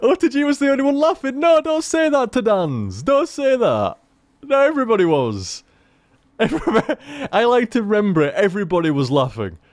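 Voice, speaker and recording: A man's voice: very high-pitched, very animated, a little fast, no room sound. A man in casual rambling chat as a gaming commentator, chatty, laughing at himself and swearing freely.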